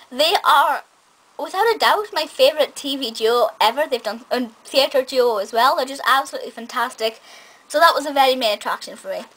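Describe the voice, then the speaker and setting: Gushing high-voiced woman reviewer. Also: fairly bright tone, low-quality recording. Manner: gushing, enthusiastic, self-correcting with small laughs. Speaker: film and TV reviewer. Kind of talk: casual review vlog.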